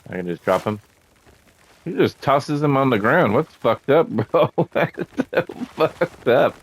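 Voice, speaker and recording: A man giving casual, profane commentary while playing a video game, often laughing and getting excited. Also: mid-range voice, a little slow. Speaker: gamer showing a game.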